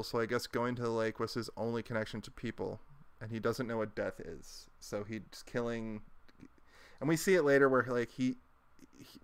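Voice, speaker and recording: A man's voice: medium pitch, clean tone. A man co-hosting a podcast, recapping a movie in casual chat, rambling with lots of fillers and restarts. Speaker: podcast co-host.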